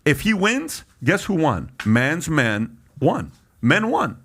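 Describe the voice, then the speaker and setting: A man's voice: on the high side, wildly swooping pitch, slow pace, a bit bright. Emphatic man hosting a podcast panel. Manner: emphatic, interrupts with repeated "but". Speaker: podcast host. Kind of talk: casual panel discussion.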